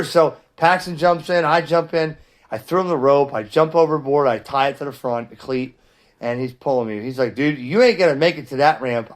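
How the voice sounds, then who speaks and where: A middle-aged man, host of a hobby channel, telling a story in a casual vlog with an animated, exasperated delivery and frequent restarts. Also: a little high. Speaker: ham radio channel host.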